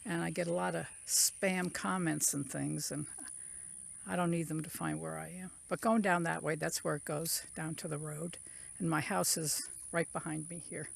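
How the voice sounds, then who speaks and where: A woman with a gravelly, fry-edged voice chats her way through a walking tour of her country property. She is recorded outdoors on a handheld phone, rambling easily and pointing things out as she walks. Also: low voice, steady tone, moderate pace. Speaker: channel owner giving a property tour. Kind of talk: casual walking tour narration. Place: outdoors in rural woods and fields. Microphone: phone camera carried while walking.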